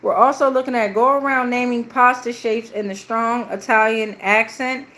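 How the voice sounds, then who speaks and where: A woman giving a casual, playful tarot reading on a livestream, slangy and loose with cursing, who slips into a low, steady voice for a protective prayer. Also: moderate pace. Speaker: tarot reader.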